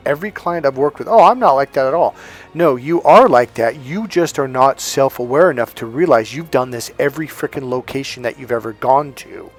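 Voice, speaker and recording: A man giving an emphatic coaching talk on dating, telling anecdotes and acting out the quotes. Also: mid-range voice. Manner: emphatic, storytelling, acts out quotes.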